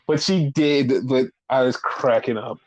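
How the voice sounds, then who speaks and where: A man co-hosting a podcast, casually recapping wrestling in animated, profane storytelling that acts out the quotes. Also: mid-range voice, measured pace, slight background noise. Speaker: podcast co-host. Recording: dull lo-fi podcast audio.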